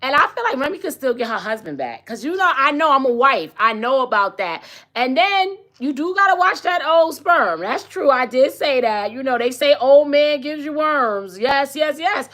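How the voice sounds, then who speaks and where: Woman podcast host, forties, blunt slangy gossip, very animated pitch, bright tone. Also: moderate pace. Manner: blunt, sassy, slangy and chatty. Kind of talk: casual celebrity gossip commentary.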